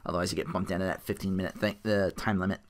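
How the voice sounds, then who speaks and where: A man's voice: deep voice, flat delivery, rapid-fire. A man giving casual game commentary, rambling and leaning on filler words. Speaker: let's play commentator.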